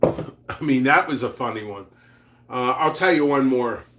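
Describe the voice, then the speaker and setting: A man's voice: mid-range voice, a little slow, noisy background. A middle-aged man who hosts a pepper seed channel, casually telling rambling, profane workplace prank stories, stammering and laughing as he goes. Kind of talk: casual storytelling vlog.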